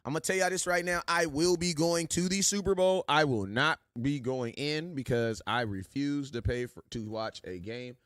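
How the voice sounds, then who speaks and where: A man hosting a sports live stream, giving loud, slangy shout-outs to viewers in casual chat. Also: on the high side, moderate pace, hardly any pauses, dry recording, studio quality. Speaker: sports show host.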